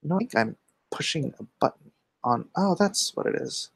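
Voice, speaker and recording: A man's voice: a little high, expressive, moderate pace, vocal fry, breathy edge, no room sound. A comic artist hosting a casual livestream, reading viewer chat aloud and answering offhandedly while muttering asides about his setup.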